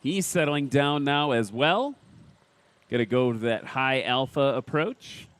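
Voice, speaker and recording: A man's voice: medium pitch, expressive, a little slow, a bit bright, no echo. A man in his forties giving enthusiastic live play-by-play commentary at an air competition. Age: 40s. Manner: enthusiastic, chatty.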